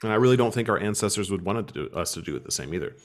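A man with a fairly low voice hosts a podcast in a loose, conversational way. He tells little stories with animation as he talks. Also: animated, very fast. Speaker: podcast host. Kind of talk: casual podcast chat.

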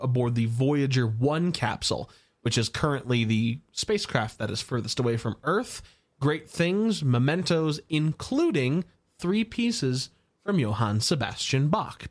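Podcast co-host, wry and expressive, very animated pitch. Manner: wry, expressive, joking asides. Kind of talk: casual podcast review chat.

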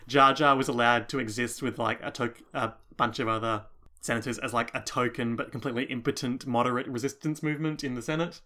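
A man co-hosts a podcast in casual chat. His voice is bright and forward, and he talks fast and wry. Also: medium pitch, fairly even intonation. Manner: fast, wry and opinionated, laughs often. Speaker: podcast co-host.

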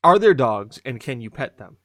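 Animated jokey male stream co-host. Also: mid-range voice, no echo, studio quality. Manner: jokey, animated, quick to laugh. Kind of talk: casual chat.

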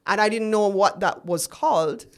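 Telling her story on an interview show, a woman entrepreneur in her forties keeps things chatty and re-enacts past conversations. Her voice is mid-range, and she talks at a moderate pace.

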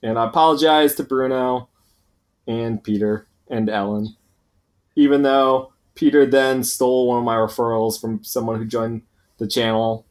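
A man's voice: mid-range voice, moderate pace. A man co-hosting a podcast, telling rambling, complaining stories in casual chat. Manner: rambling, complaining, animated storytelling. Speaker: podcast co-host.

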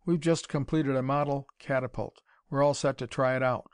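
A cool-headed young inventor who talks in a smooth, suave way, as a man voices him in a storybook reading. His voice sits mid-pitched and level-headed. The recording is dry and close. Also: moderate pace, no echo, lightly acted. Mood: calm. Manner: suave, calm.

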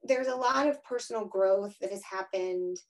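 A woman's voice: mid-range voice, moderate pace, poor audio. A woman in her thirties or forties giving a frank, emphatic interview answer, often tagging her points with "right?". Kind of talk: candid conversational interview.

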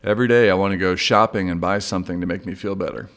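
A man's voice: sits low, steady tone, fast talker, fairly bright tone. A middle-aged man hosting a solo podcast, talking candidly and reflectively about his own struggles. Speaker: podcast host. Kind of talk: solo recovery podcast monologue.

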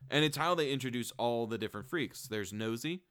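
Smooth-voiced man retelling a movie, casual. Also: mid-range voice, fairly quick, no room sound, clean studio sound. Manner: animated storyteller, many ums and likes, swears.

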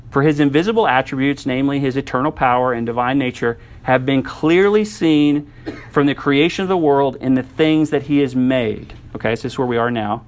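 A man preaching a sermon in a conversational teaching style, often checking in with the listeners with quick asides. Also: mid-range voice. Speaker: pastor.

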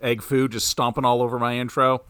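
A man's voice: medium pitch, flat delivery, a little fast, a bit bright, smooth, no echo. A man as a podcast guest in casual chat, wry and joking.

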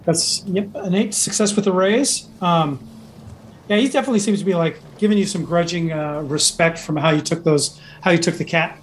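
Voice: medium pitch, moderate pace, slight background noise, poor audio. Rambling tabletop game master. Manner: rambling, hesitant with many fillers.

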